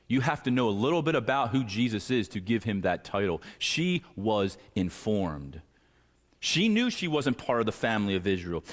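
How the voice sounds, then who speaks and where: A man preaching a sermon as pastor, earnest and at times acting out pleading voices. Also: mid-range voice. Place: church sanctuary. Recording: church hall reverb.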